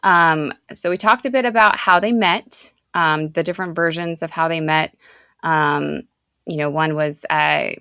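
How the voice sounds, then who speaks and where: Chatting casually as a podcast co-host, this woman in her thirties rambles and leans on lots of fillers. She has a lowish, clear, resonant voice with a slightly bright edge. It's a dry recording with clean studio sound.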